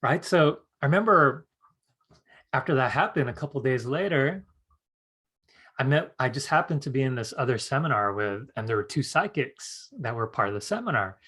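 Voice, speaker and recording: A middle-aged man teaching an online workshop, telling a personal story with lively acted-out quotes. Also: mid-range voice, normal speed, slightly rough. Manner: animated storyteller acting out quoted voices. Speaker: psychic development teacher.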